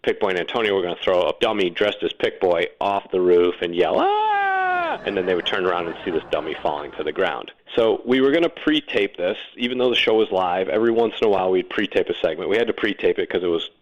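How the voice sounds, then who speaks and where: Man, low voice, guest interview, lively anecdotes, muffled audio. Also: quick pace, hardly any pauses. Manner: lively anecdotal telling, acts out quotes. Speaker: guest, former kids' TV host and producer. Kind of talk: casual storytelling in an interview.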